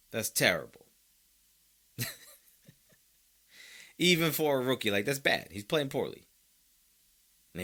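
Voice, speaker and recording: A man hosting a casual sports podcast from close to the mic. His voice is bright and forceful, and his pitch swings widely as he riffs. He drops into playful, overdone voices when he mimics fans. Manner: animated, playful, mock-quotes fans in exaggerated voices.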